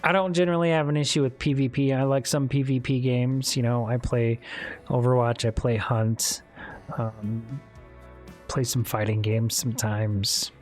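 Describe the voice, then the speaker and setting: A man's voice: medium pitch, flat delivery, normal speed, soft background music. A man streamer chatting casually with his viewers, rambling and candid, swearing now and then. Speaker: streamer talking with chat. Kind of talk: casual live-stream chat.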